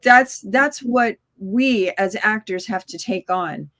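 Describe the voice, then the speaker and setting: A woman, an actor guest on an interview show, explaining her approach in a measured way. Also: medium pitch, fairly bright tone. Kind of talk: casual chat.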